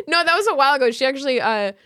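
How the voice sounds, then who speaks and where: A woman's voice: high voice, sing-song, quick pace, fairly bright tone, no room sound, clean studio sound. A woman co-hosting a podcast, telling a story in casual chat with slang and lots of fillers. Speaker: podcast co-host.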